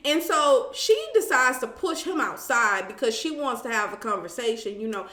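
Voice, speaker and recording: Chatty woman recapping reality tv, bright sharp voice, echoey room. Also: on the high side, moderate pace. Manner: animated storytelling, acts out quotes, sassy asides. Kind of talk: casual chat recap.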